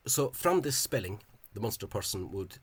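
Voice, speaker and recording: A man with a very low, husky voice talks through a language topic in an informal video. He thinks aloud as he goes, wandering off into side points with a scholarly bent. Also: very animated, normal speed, dry recording. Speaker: Irish-language spelling enthusiast. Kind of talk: informal explanatory video talk.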